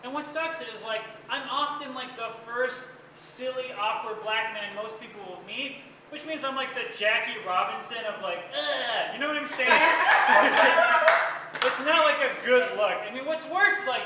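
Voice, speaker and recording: A man's voice: very high-pitched, lively intonation, normal speed, pushed and bright, a little hiss or hum. A man doing a stand-up set at an open mic, awkward and self-mocking, rambling with lots of fillers. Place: bar open mic stage. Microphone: stage microphone in a bar. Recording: echoey bar recorded from far off.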